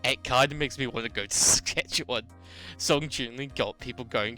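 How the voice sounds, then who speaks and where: A man in his twenties with a New Zealand accent, chatting casually to his stream viewers, animated storytelling and laughing often. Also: mid-range voice, a little fast, faint music behind. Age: 20s. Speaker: game streamer. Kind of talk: casual chat with live chat.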